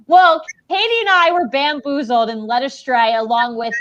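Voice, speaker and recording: A woman's voice: high-pitched, moderate pace, a bit bright, muffled recording. A woman co-hosting a podcast, telling a story in casual chat with emphatic delivery. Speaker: podcast co-host.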